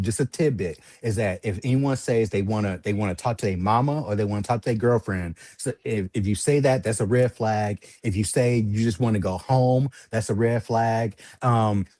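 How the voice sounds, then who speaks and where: Husky man telling a lively story. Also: moderate pace, few pauses, no room sound. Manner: animated, laughs often, jumps into high voices when quoting. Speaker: livestream host telling a story. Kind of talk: casual storytelling.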